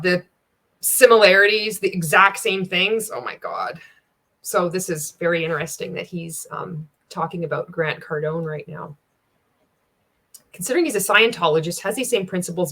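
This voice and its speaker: A woman's voice: fairly low pitch, a bit bright. A woman giving casual reaction commentary as a former insider, blunt and sarcastic, swearing freely. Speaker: anti-MLM reaction commentator.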